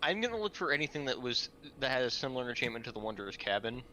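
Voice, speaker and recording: A man's voice: mid-range voice, sing-song, rapid-fire, sharp tone, poor audio. A man speaking as a player in a tabletop game, joking and playful. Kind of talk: casual tabletop play.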